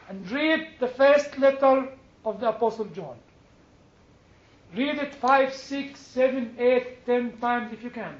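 A man, an Orthodox clergyman, teaching a church class, telling stories and asking the room questions as he builds to forceful points. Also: extremely high pitch, takes it slowly, long pauses, roomy sound, lo-fi sound.

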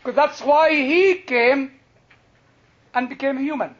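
Older guy with a husky, very high voice teaching a bible class, slow and deliberate, kinda muffled recording. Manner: slow, deliberate, emphatic phrasing. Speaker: Christian teacher. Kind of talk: lecture to a class.

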